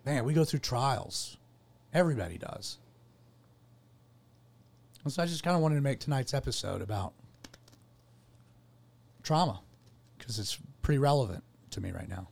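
This podcast host speaks in a mid-range, slightly mellow and creaky voice with lively intonation, pausing often at a moderate pace. In a casual chat he recounts a personal story earnestly, rambling and starting over as he self-corrects.

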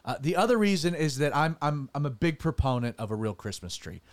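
A man's voice: fairly high pitch, very animated, fairly quick. A man, a pastor hosting a casual studio podcast, joking and rambling with restarts.

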